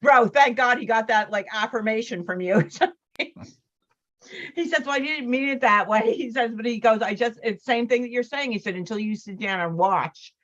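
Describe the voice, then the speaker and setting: A woman's voice: fairly high pitch, moderate pace. A woman in casual chat, a chatty storyteller who acts out what others said. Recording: dull, muffled audio.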